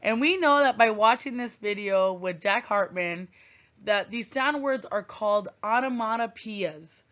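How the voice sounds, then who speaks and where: A woman teacher giving a recorded lesson to young children, patient and clear, repeating her instructions. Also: medium pitch, a little slow, fairly bright tone, highs cut off.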